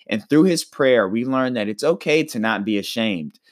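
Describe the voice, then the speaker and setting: Guy preaching on his podcast, earnest, thinks out loud, repeats himself a bit, dry close sound. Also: mid-range voice, expressive, normal speed, no room sound. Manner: earnest, reflective, repeats words when restarting. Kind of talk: recorded sermon podcast.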